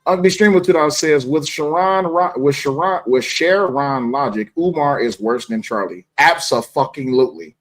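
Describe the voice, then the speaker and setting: A man's voice: on the high side, moderate pace, hardly any pauses. A man hosting a casual livestream, reading super chats and answering them bluntly in a laid-back way. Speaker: host.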